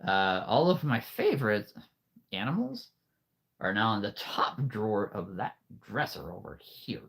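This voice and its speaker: A man's voice: on the low side, sing-song, measured pace, vocal fry, fairly bright tone, breathy edge. A man hosting a casual livestream, rambling through viewer comments with frequent chuckles and playful wordplay, a little out of breath. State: a bit out of breath. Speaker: livestream host, figure collector.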